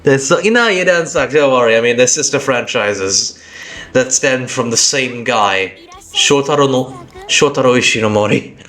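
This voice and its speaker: A man's voice: medium pitch, animated, moderate pace, fairly bright tone. Chatty, tired British man streaming. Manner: rambling, self-correcting, chatty. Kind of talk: casual live-stream chat.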